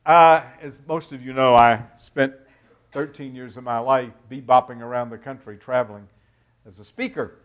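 A middle-aged man preaching a verse-by-verse sermon, with emphatic swings between loud stresses and quiet drops. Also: medium pitch, fairly even intonation, normal speed. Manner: emphatic, dramatic rises and drops in loudness. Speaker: pastor. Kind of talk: expository sermon.

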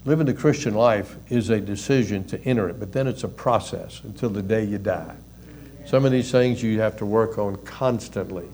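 An older man, a pastor and counselor, giving a conversational sermon with folksy stories and soft chuckles. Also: fairly low pitch.

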